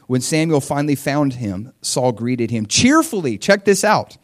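Delivering a sermon, this forties-aged pastor speaks in a mid-range voice at a moderate pace. His style is animated and conversational, alternating hushed asides with loud outbursts.

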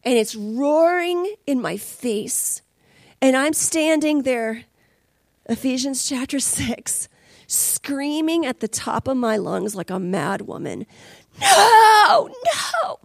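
A woman's voice: sits high, lively intonation, slow pace, creaky, a little mellow, dry recording. A woman preaching a sermon as a conversational, emotional testimony, dropping at times to near whispers.

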